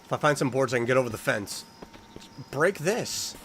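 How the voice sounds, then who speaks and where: A man's voice: mid-range voice, lively intonation, moderate pace, fairly bright tone, a little hiss or hum. A man playing a horror video game and commenting as he goes, talking to the characters and yelping when startled. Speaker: let's-play host.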